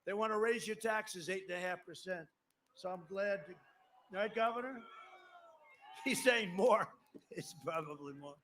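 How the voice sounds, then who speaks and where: This outdoor live broadcast from an airport rally catches faint crowd noise as a seventies-aged politician delivers a rambling, emphatic campaign speech at a podium mic, turning aside to address the crowd. He speaks at normal speed in a high, fairly bright voice, pausing often.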